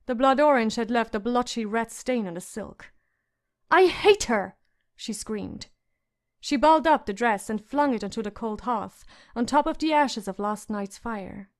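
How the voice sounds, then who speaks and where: A woman's voice: a little high, moderate pace, few pauses. Woman reading a fantasy audiobook. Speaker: audiobook narrator. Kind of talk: audiobook narration.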